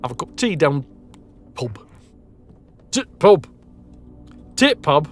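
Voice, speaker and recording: A man's voice: on the high side, sing-song, moderate pace, fairly bright tone, faint music behind. A man with a Yorkshire accent streaming a game, chatting casually, musing aloud and answering his chat. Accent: northern English, Yorkshire. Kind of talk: casual live-stream chat while gaming.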